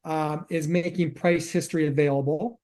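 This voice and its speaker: A man's voice: a little high, steady tone, normal speed, a little mellow. A man co-hosting a real estate podcast, explaining rules step by step and recapping them. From Canada. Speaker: realtor podcast co-host. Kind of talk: casual podcast chat.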